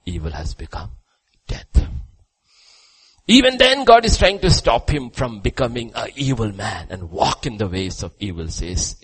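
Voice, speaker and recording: A man preacher delivering a sermon, swinging between loud urging and quiet drops. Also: fairly low pitch, sing-song, a little slow, husky, low-quality recording.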